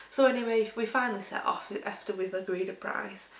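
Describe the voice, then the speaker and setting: A woman's voice: medium pitch, fairly even intonation, fairly quick. Chatty Lancashire woman, roomy and distant. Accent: Lancashire English. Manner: chatty, laughs through her stories. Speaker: weight-loss vlogger. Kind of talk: rambling casual storytelling. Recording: roomy sound, distant from mic.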